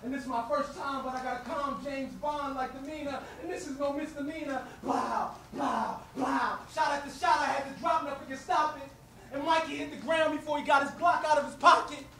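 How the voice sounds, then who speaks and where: A man's voice: extremely high pitch, level tone, a little fast, pushed and bright, slight background noise. A man performing spoken-word poetry with an intense, rhythmic rhyming delivery. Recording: roomy, distant, faint ambience.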